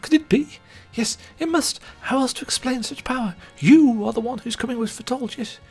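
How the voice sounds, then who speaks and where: A man's voice: extremely high pitch, a little fast, husky, soft background music, voice pushed up, full character voice. A man voicing an awestruck woman customer who gushes theatrically about her new beauty. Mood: rapturous. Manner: breathless, gushing, theatrical.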